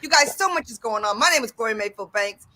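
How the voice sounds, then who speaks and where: Bubbly, bright-voiced woman radio host. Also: fairly high pitch, animated, fast. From Washington DC area. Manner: bubbly, enthusiastic, repeats herself. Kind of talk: radio talk show.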